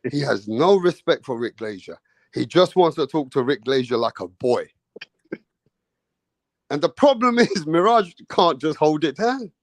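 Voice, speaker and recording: A man's voice: on the high side, no echo. Blunt swearing man hosting a boxing stream. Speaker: host of a live boxing talk show. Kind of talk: casual live-stream chat.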